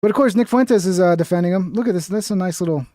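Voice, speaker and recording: Male streamer, higher voice, dry close sound, blunt swearing commentary, casual. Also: quick pace, mellow, no room sound. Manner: blunt, profane, trailing off with bro and dude. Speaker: streamer reacting to clips.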